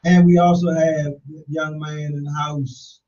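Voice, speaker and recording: Unhurried and flat in his delivery, this middle-aged man hosts a casual talk show, rambling through stories and taking playful jabs. The background is noisy, and the sound is dull and low-fidelity from a distant microphone.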